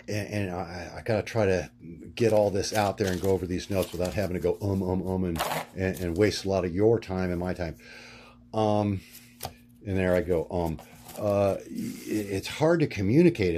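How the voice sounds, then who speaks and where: A middle-aged man talking through his notes in a rambling monologue, halting and full of fillers, often searching for words. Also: deep voice, mellow, a little hiss or hum. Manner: halting, many fillers and restarts. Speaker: vlogger.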